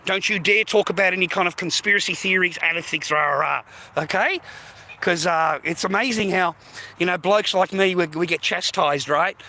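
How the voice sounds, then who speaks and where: This Australian man's high-pitched voice comes across pushed and bright at a moderate pace. He's rambling casually on a walk-and-talk live stream through outdoor streets, phone in hand, chatty and peppering his talk with "mate," "bro," and the odd swear word.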